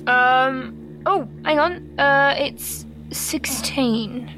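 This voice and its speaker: A woman's voice: high voice, very slow, poor audio. A woman playing a tabletop game, blunt and swearing casually. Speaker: player. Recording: music playing behind.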